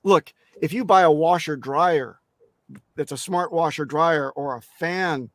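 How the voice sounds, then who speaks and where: A man's voice: fairly high pitch, a little slow, no room sound, studio quality. Blunt, emphatic man talking crypto security. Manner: emphatic, blunt, swears, many restarts. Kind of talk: casual interview talk.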